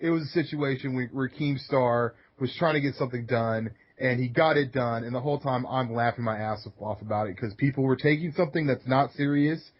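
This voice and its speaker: A man's voice: medium pitch, brisk, few pauses. A man co-hosting a podcast in casual chat, laid-back, swearing often and laughing through his stories. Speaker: podcast co-host. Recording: dull lo-fi podcast audio.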